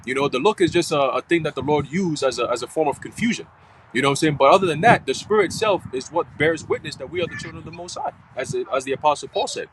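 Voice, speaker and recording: A man's voice: fairly high pitch, animated, fast, a little hiss or hum, rough recording. A man giving a live church teaching in casual, slangy, profane talk full of fillers. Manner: slangy and profane, heavy fillers like "you know what I'm saying". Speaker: church speaker.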